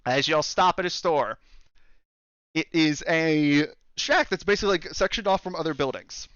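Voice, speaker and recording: Young guy gm rambling thru a d&d scene, pitch all over, dry dull call audio. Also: lively intonation, moderate pace, a bit bright, clear, resonant tone, dry recording. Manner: rambling, with fillers and restarts. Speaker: game master. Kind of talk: narrating a tabletop game over a call.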